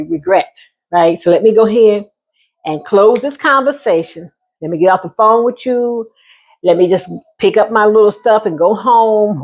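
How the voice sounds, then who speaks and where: A woman's voice: medium pitch, breathy edge. A woman vlogger, giving heartfelt advice in a casual monologue, emphatic and affectionate, calling listeners honey and baby, with sudden whoops.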